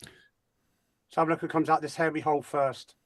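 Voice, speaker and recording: A Northern English man with a fairly high voice, bossing the group through a game and teasing his friends with casual swearing. The sound is close and dry, with no room echo. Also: flat delivery, normal speed. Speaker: co-host running the chat game. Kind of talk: casual banter.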